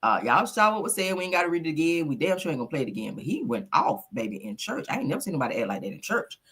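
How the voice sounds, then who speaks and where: Animated, bright-voiced gossip host. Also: male voice, fairly high pitch, rapid-fire, gravelly, a little hiss or hum. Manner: animated, dramatic exclamations. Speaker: commentary show host. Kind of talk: gossip commentary.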